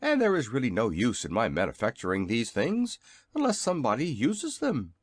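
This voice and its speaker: A man's voice: mid-range voice, huge pitch swings, moderate pace, no echo, clean studio sound. A man voicing a very old, polite male inventor in a storybook reading, with a courtly, eager manner.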